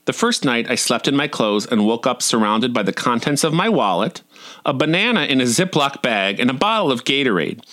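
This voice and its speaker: A man in his forties reads his personal essays aloud in a wry, dryly comic way. His pitch is lively and rises and falls freely. The voice is bright and forceful. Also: brisk. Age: 40s. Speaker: storyteller.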